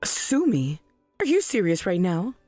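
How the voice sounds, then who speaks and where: A woman voicing an indignant, self-righteous middle-aged mother who speaks in a sharp, defensive way. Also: fairly low pitch, sing-song, measured pace, no echo, faint music behind. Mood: outraged. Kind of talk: text-message story voice reading.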